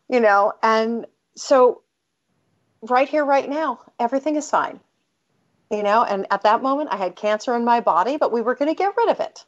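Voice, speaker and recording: A woman's voice: on the high side, normal speed. A middle-aged American woman telling a personal story in an interview, candid and emphatic, often breaking off and restarting her sentences. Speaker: author and guest. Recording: dull lo-fi audio.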